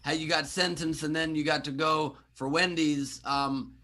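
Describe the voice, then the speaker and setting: A man's voice: on the high side, steady tone, moderate pace, pushed and bright. A male co-host making dry, teasing remarks in casual chat.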